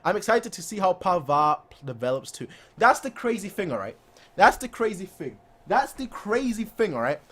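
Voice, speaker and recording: A young man hosting a fan channel, chatting excitedly after a match, boastful and repeating himself for effect. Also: sits high, moderate pace, breathy edge. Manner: animated, boastful, repeats phrases, acts out players' voices.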